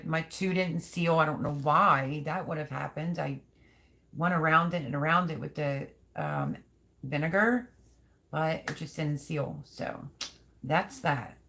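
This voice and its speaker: Chatty woman with a gravelly voice. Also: low voice, fairly bright tone. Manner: chatty, rambling, thinks aloud. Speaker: livestream host reading viewer chat. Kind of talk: casual livestream chat.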